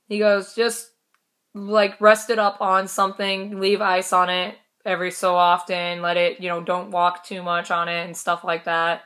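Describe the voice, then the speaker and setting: Young woman vlogging a storytime, bright clear voice, chatty, laughs and swears a lot. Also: mid-range voice, little pitch movement, a little slow. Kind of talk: casual storytime vlog.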